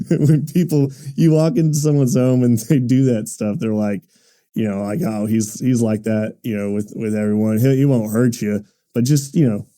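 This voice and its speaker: A man with a very dark, mellow voice tells comic stories as a podcast host. He is animated and self-deprecating, often breaking into laughter, with his pitch sitting in a middle range. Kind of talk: comic storytelling monologue.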